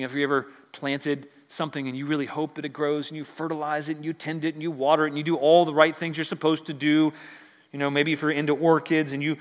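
A man's voice: a little high, fairly bright tone, long reverb tail. A male pastor preaching a sermon in a conversational, emphatic way in a church.

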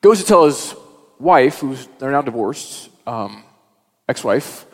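A man's voice: mid-range voice, animated, slow. Man preaching in an echoing hall. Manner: conversational, storytelling preaching. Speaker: pastor. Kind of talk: sermon.

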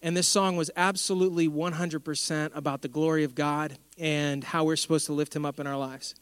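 A man preaching a sermon, telling stories with lively humor. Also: on the high side, brisk, smooth, dry recording, long reverb tail. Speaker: pastor.

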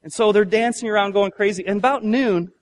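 A pastor with a fairly high voice gives a sermon, retelling a Bible story with humor, playful asides, and acted-out moments. He speaks in a lively, conversational way, a little fast, with no room sound.

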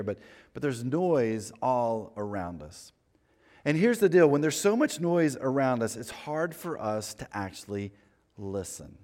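A man gives a sermon from the front of a church, his medium-pitched voice trailing off into a long hall reverb. He talks in an easy, conversational way and pokes fun at himself. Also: darkish tone. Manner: conversational, self-deprecating preaching. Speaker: pastor.

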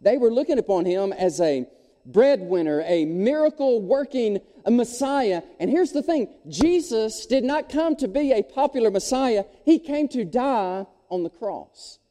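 Animated pastor preaching in a reverberant hall. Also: male voice, very high-pitched, a little slow. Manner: animated preaching with crowd call-and-response. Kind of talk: sermon. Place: church sanctuary.

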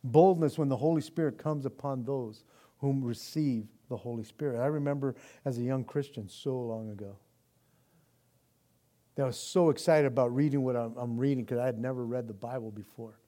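A man's voice: mid-range voice, normal speed, warm tone. A man preaching a sermon as pastor in a casual, slangy way that builds to impassioned intensity.

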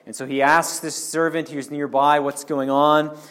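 A man's voice: a little high, little pitch movement, normal speed, fairly bright tone, clear, resonant tone. A man preaching a sermon, earnestly explaining and speaking directly to the congregation.

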